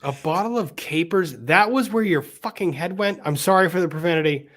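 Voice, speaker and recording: A man's voice: high voice, fairly quick, fairly bright tone. A man hosting a casual live stream who reads viewer comments aloud, swears freely and keeps breaking into laughter. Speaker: host reading viewer comments.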